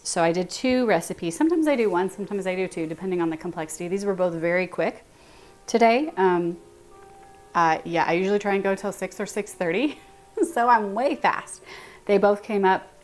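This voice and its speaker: Her voice is lowish and her accent Texan as this woman hosts a relaxed baking livestream in her home kitchen, chatting away, thinking out loud, and welcoming viewers by name.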